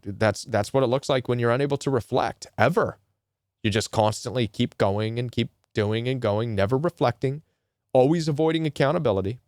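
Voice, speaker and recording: A man's voice: mid-range voice, a little mellow, no echo, clean studio sound. A man hosting a self-help talk on narcissistic abuse, explaining earnestly and repeating his points, now and then quoting imagined people. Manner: earnest, repetitive, quotes imagined people in short put-on asides. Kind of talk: casual talking-head explainer reading from a web browser.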